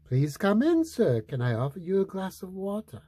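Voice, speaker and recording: Storybook figure: a man playing a gentle, fussing mother, pitched up and sweet. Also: huge pitch swings, moderate pace, dry recording, full character voice.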